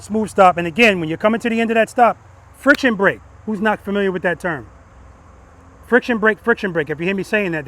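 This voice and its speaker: A man's voice: sits high, fairly bright tone. A man teaching motorcycle riding outdoors, emphatic and repetitive, chanting cue words in rhythm and tagging his points with "right?". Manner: peppers instructions with "right?". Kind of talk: hands-on coaching in a riding lesson. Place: outdoor practice lot with cones.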